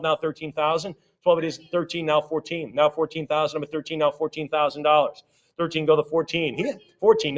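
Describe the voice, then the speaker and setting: A man working as an auctioneer at a live sale, rattling off rising bids in quick repeated calls and breaking off for friendly asides about the items. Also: high-pitched, darkish tone. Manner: rapid repetitive bid calling with chatty asides.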